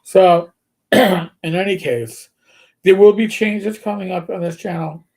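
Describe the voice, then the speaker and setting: A man's voice: high-pitched, slow pace, darkish tone, husky. A middle-aged man chatting casually as co-host of a live show. He rambles through anecdotes, stumbles and restarts, and breaks into playful impressions along the way. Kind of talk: casual chat.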